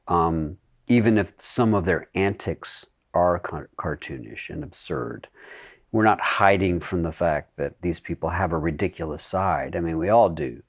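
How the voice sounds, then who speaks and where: A man who is an actor, talking as a guest in a podcast interview, animated and laughing often. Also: low-pitched, no echo. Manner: animated, talks with his hands in his voice, laughing often.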